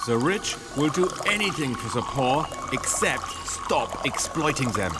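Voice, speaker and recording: A man voicing a stern older male revolutionary thinker, speaking gravely in a declamatory way. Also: medium pitch, sing-song, a little slow, loud music behind the voice, voice pushed up.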